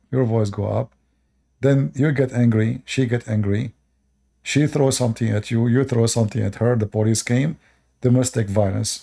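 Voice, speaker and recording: In a preachy advice monologue, this online channel host addresses viewers in non-native English, with repeated short commands and rhetorical questions. He speaks at medium pitch with vocal fry, and his tone is mellow and slightly rough.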